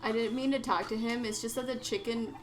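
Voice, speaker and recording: A young woman on a desk microphone chatting casually and reacting out loud while she plays a video game. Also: fairly high pitch, steady tone, brisk. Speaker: streamer.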